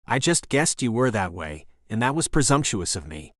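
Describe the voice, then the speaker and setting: A man's voice: medium pitch, sing-song, normal speed, no room sound, studio quality, close to an everyday voice. A man reading a tearful, pleading young woman. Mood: apologetic. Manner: pleading, softly apologetic. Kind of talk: audiobook character reading.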